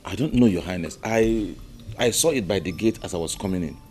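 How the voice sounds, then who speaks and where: A man's voice: deep voice, brisk, darkish tone, soft background music, natural voice. An actor with a Nigerian accent playing a nervous, deferential male palace servant who stammers. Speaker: royal servant.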